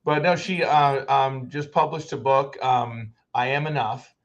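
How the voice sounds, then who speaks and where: Unhurried and steady in a mid-range voice, this American podcast host rambles through an interview on a video call, frequently restarting. The sound is dull and lo-fi.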